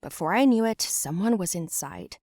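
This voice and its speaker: A young woman giving scripted first-person narration for an animated story, in a plain, matter-of-fact way. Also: lowish voice, normal speed, dry recording, clean studio sound.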